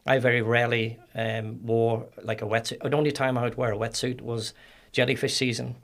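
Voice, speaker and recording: A middle-aged man with a Northern Irish accent, a podcast guest telling stories in a halting way, repeating words as he recalls. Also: medium pitch, flat delivery. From Northern Ireland. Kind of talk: casual interview storytelling.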